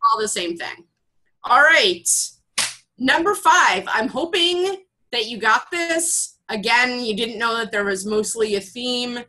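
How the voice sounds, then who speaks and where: A woman's voice: a little high, animated, takes it slowly, sharp tone, rough recording. A woman co-hosting a casual podcast, reading out trivia questions and laughing along with cheerful apologies. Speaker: podcast co-host running trivia. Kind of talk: casual chat.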